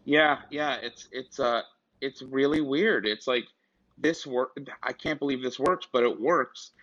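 A man's voice: mid-range voice, measured pace, fairly bright tone. A man co-hosting a podcast in casual chat, rambling with many restarts and asides. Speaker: podcast co-host. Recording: dull lo-fi sound.

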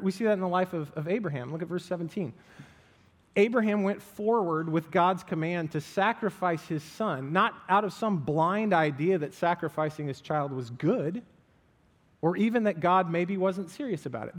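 A man with a high voice gives a casual, lively sermon as pastor, acting out the voices he quotes. His words ring with the long reverb of a hall.

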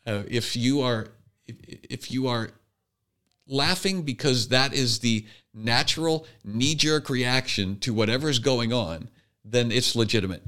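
A man co-hosts a casual podcast, pressing an earnest argument through restarts and quoted asides. His voice sits in a middle pitch and comes across bright and forceful. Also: unhurried. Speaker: podcast co-host.

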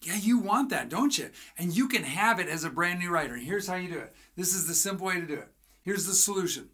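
A writing coach teaches in a motivational style, with a bright and forceful voice. The delivery is energetic. The coach asks the listener rhetorical questions and acts out little conversations. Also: mid-range voice, fast talker, husky.

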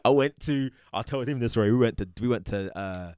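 A man's voice: lowish voice, quick pace, mellow, clean tone, dry recording, studio quality. A middle-aged man with a South London accent, hosting a casual interview, telling stories full of slang and laughing often.

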